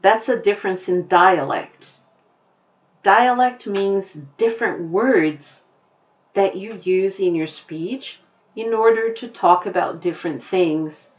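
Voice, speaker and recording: A woman with an American accent teaching a lesson, explaining deliberately and repeating her key points. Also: mid-range voice, lo-fi sound.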